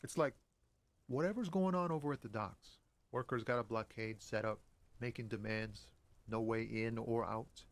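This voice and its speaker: A man's voice: mid-range voice, moderate pace, close to an everyday voice. A man voicing a laid-back lorry driver. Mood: chatty. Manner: casual, chatty, gossipy. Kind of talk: voiced game dialogue.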